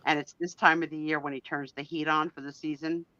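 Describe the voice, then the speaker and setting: A woman's voice: low-pitched, dry recording, highs cut off. A woman from New Jersey with a New Jersey accent, chatting animatedly and giggling on a live stream. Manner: animated, giggly, quick to exaggerate. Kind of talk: casual live-stream chat.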